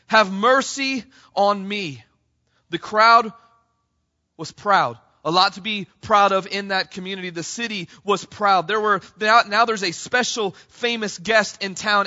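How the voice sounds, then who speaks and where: High bright-voiced man preaching. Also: lo-fi sound. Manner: impassioned, rising to near shouts on quoted cries; addresses congregation as "church", frequent "right?". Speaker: pastor. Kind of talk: sermon.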